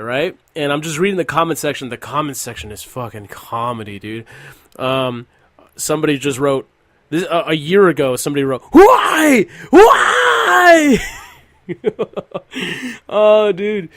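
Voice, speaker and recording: Young guy on a podcast mic, swears constantly, laughs a lot, kinda high voice, dead dry sound. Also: brisk, a bit bright, no echo. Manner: profane, laughing storyteller. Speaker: podcast host. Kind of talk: casual podcast chat.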